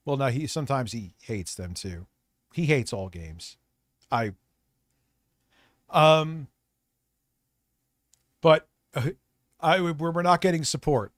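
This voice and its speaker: A man hosting a livestream, ranting and mocking in a profane, rapid commentary. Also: mid-range voice, expressive, dry recording, clean studio sound. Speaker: streamer host.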